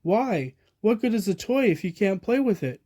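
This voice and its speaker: A man voicing a dim, good-natured, clumsy male cartoon starfish who talks in a slow, simple way. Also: sits high, very animated, mellow, voice pushed up. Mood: goofy.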